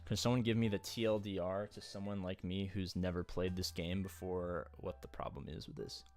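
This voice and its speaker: A man's voice: deep voice, steady tone, a little fast, darkish tone, faint music behind. A man streaming live, talking casually in a rambling, jokey way and swearing freely. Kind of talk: casual livestream chat.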